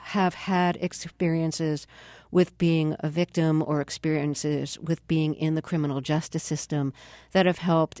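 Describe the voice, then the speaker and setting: Interviewer, middle pitch, attentive, dry studio sound. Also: a little mellow, no room sound. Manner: attentive, frequent affirmations. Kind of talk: interview questions.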